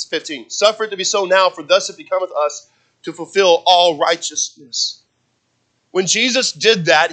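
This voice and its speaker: A man's voice: on the high side, rough recording. A man preaching a sermon, quoting scripture and driving his points home with emphasis. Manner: emphatic preaching, rising and falling loudness, quotes scripture.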